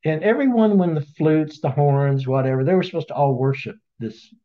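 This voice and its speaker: A man retelling a Bible story in a casual webinar, as an animated storyteller who acts out the voices, on dull lo-fi audio. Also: on the high side, moderate pace. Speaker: Bible study teacher.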